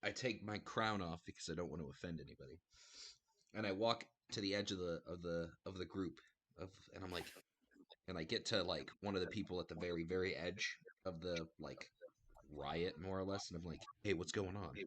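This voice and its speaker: A man's voice: low voice, a little fast, fairly bright tone, slight background noise. A man playing a tabletop game, casually talking through his plans at length. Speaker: player.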